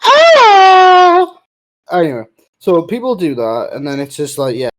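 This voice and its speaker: A young man hosting a casual call, narrating a silly story in a goofy way with sudden bursts of yelling. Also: mid-range voice, very animated, brisk. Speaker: host.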